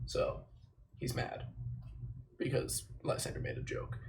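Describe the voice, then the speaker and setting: A man chatting casually on a livestream, self-deprecating and dropping the odd mild swear word. His voice sits in an ordinary middle pitch. Faint background noise and mouse clicks can be heard behind him. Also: steady tone, unhurried, gravelly, long pauses. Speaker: livestreamer memorizing a play.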